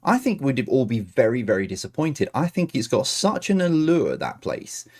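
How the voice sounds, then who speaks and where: A man hosting a livestream quiz, reading questions slowly between rambling, chatty asides. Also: mid-range voice, wildly swooping pitch, darkish tone. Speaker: quiz host.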